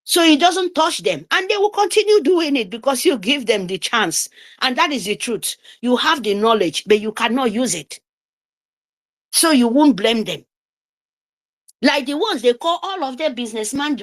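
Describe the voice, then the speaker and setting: A woman's voice: high-pitched, sing-song, moderate pace, fairly bright tone. A middle-aged woman, giving an impassioned, scolding speech on a live audio call, emphatic and repetitive.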